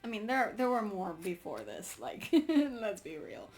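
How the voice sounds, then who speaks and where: A woman's voice: medium pitch, very animated, unhurried. A young woman vlogging a casual book review, gushing and laughing often, with many fillers. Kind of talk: casual book review with read-aloud passages.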